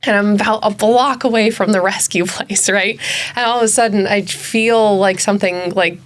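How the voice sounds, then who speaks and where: A woman co-hosting a podcast, chatting casually at a mid-range pitch. She tells animated stories and laughs as she talks. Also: moderate pace. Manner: animated storytelling, laughs while talking. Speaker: podcast co-host. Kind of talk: casual chat.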